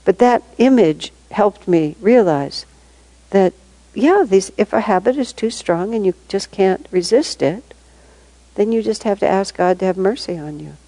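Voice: medium pitch, lively intonation, dark tone, no echo, low-quality recording. A spiritual teacher giving a reflective talk to devotees, thinking aloud with restarts and repeated words, chuckling between points. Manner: thoughtful, halting, frequent restarts and repeated words.

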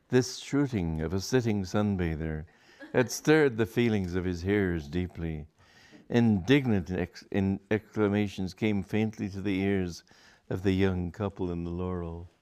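Low-voiced man, comic story reader, amused, chuckling, casual stumbles. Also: a little mellow, clear, resonant tone. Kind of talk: reading a comic story aloud.

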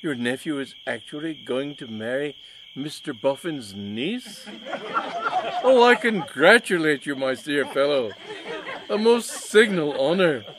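A man's voice: a little high, lively intonation, unhurried, a crowd in the background, voice pushed up, low-quality recording. A man reading a story aloud, voicing a shy, diffident elderly lord who stammers and speaks with nervous, overly polite fawning. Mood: awed.

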